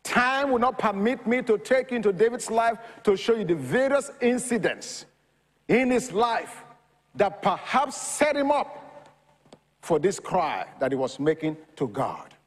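A high-voiced male preacher who delivers his sermon slowly and deliberately, his pitch leaping up and down as he goes. He moves from hushed scripture reading to bursts of shouting. A long hall reverb trails after each phrase. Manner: lively preaching that swings from quiet reading to loud shouting.

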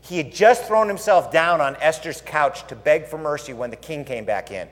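Animated man preaching in an echoing hall. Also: fairly high pitch, normal speed. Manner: animated, conversational, asks the audience questions. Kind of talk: sermon storytelling. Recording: echoey hall.

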